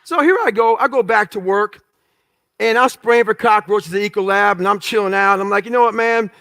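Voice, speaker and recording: High, gravelly man telling blunt stories. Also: fairly quick, pushed and bright. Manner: blunt, profane, candid; acts out quoted dialogue in story. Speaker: motivational speaker. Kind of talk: storytelling talk to an audience.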